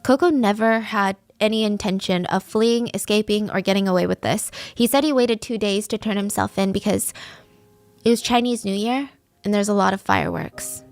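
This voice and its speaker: Woman podcast host, casual true-crime storyteller, gravelly fry, dry close sound. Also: mid-range voice, normal speed, no room sound, soft background music. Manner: conversational, with casual fillers.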